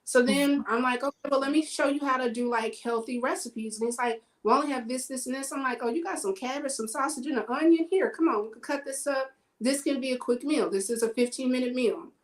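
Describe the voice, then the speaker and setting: A woman tells personal stories in a loose, chatty way. She acts out the back-and-forth of her stories with lively energy, her voice sitting a bit high. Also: fairly quick, hardly any pauses, low-quality recording. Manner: animated, acts out quoted dialogue. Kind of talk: casual storytelling chat.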